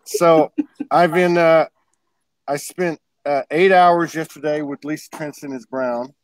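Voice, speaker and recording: A man's voice: fairly high pitch, steady tone, a little slow, no room sound, low-quality recording. Man, show host, casual livestream chat, rambling, laughs a lot, dry close sound.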